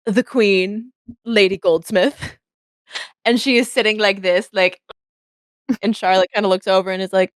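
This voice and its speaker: A woman's voice: medium pitch, fairly even intonation, measured pace, pauses often, dry recording, clean studio sound. A young woman narrating a tabletop role-play as game master, casual and full of fillers.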